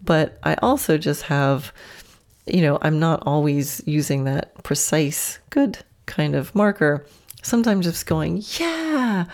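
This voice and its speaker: A woman hosts her podcast with a low voice, telling a story in a relaxed, chatty way. Her tone has a gravelly fry, and she laughs often as she acts out her horse's imagined thoughts. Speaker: podcast host and horse trainer. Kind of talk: casual storytelling monologue.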